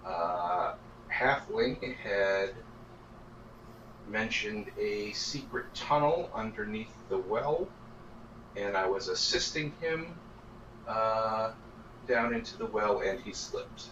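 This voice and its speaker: A man describes his character's actions at a tabletop game, halting and searching for words. He sits far from the mic in an echoey room. The sound is dull and noisy. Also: on the low side. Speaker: player. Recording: roomy, distant, dull and noisy.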